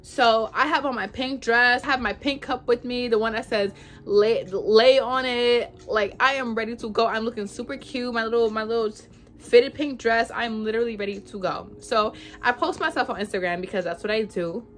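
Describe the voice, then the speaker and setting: A young woman vlogger telling a storytime in casual, animated chat, full of "like". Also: fairly high pitch, a little fast. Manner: chatty, animated, says "like" a lot.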